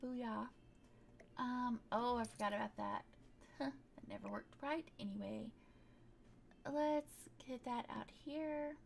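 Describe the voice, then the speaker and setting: A woman with a high, gravelly-edged voice talks slowly through her game as she plays, thinking aloud and dropping little sound words between thoughts. A faint hiss of room noise sits under her voice. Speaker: gaming video creator. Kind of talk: casual gameplay commentary.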